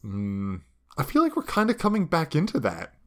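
A man's voice: on the high side, huge pitch swings, a bit bright. Young male podcast co-host, casual and jokey. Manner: jokey, riffs with quick asides. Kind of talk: casual chat.

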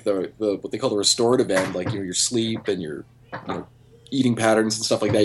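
A man's voice: lowish voice, a little hiss or hum. A man in his forties in casual podcast chat, speaking thoughtfully with some hesitation.

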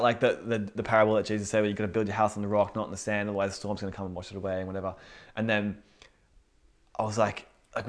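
A man's voice: fairly low pitch, flat delivery, very fast. A young man giving an informal, earnest sermon, chatty and full of fillers like "you know what I mean". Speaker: preacher.

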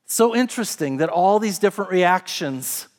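A man with a high voice preaches a sermon, retelling a scripture story in a relaxed, conversational way. His delivery rises and falls, now quick and pressing, now slow and hushed. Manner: storytelling, conversational, rising and falling emphasis. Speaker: pastor.

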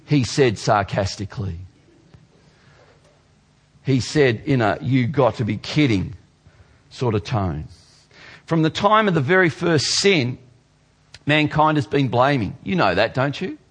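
Man, pastor, sermon, dynamic delivery, slow scripture reading, playful asides. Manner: dynamic preaching, drops low and slow for scripture, jumps high for mock voices.

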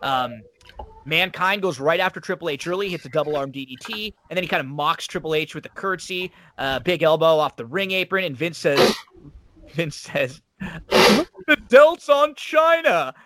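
A man's voice: fairly high pitch, brisk, noisy background. A man casually recapping an old wrestling show on a podcast, chatty and rambling with fillers.

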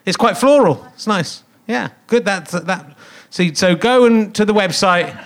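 A man's voice: sits high, animated, measured pace. A man in his fifties hosting a live comedy podcast on a theatre stage, rambling and jokey as he teases the audience. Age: 50s.

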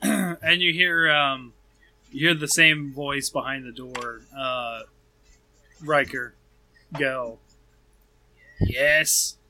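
Slow, bright-voiced male game master. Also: medium pitch, steady tone, a little hiss or hum. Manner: unhurried, halting, with many fillers and chuckles. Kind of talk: narrating a tabletop game.

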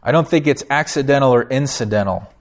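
A man's voice: mid-range voice, quick pace. A man preaching a sermon as pastor, emphatic, lifting his voice on key phrases and putting questions to the congregation. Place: church sanctuary.

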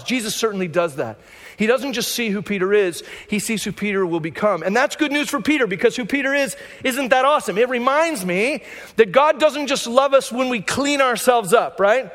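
A pastor with a strikingly high voice preaches to his congregation, casual and conversational, hammering home key phrases by repeating them. His voice rings out with a long reverb tail from the church sanctuary. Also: a bit bright. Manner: conversational preaching with emphatic repetition. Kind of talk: sermon.

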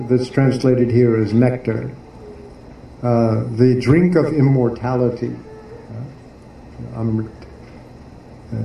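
A man giving a devotional class who explains a poem haltingly, often pausing and searching for words. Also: mid-range voice, mellow. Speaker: spiritual teacher. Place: devotional garden venue in Philadelphia. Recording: echoey room, distant mic, faint noise.

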